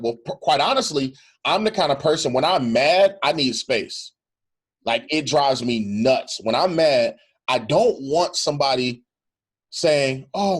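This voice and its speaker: A middle-aged male pastor talking earnestly in a reflective conversation, repeating phrases for emphasis. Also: mid-range voice.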